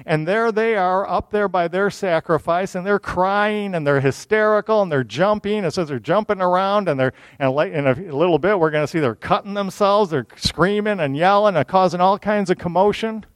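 A man preaching a sermon in a fairly high voice, reading scripture and then explaining it plainly. The sound is dry and close, with no room echo. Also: moderate pace, hardly any pauses. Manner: mocking, animated asides.

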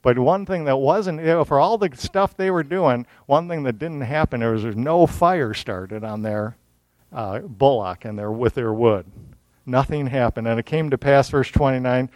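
A man's voice: mid-range voice, normal speed, no echo. A man preaching a sermon, reading a scripture passage aloud and explaining it in plain everyday words. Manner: mocking, animated asides.

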